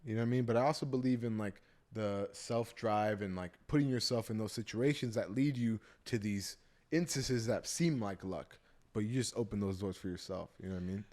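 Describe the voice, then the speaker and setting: A man's voice: on the low side, brisk, darkish tone. A man hosting a podcast, chatting in a laid-back, slangy way and often adding "you know what I mean". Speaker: podcast host. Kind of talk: casual interview chat.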